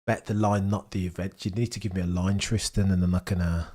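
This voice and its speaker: Hosting a live watchalong stream, a young man excitedly chats with his viewers, cracking jokes and riffing along the way. He talks fairly quickly in a voice that sits a bit low.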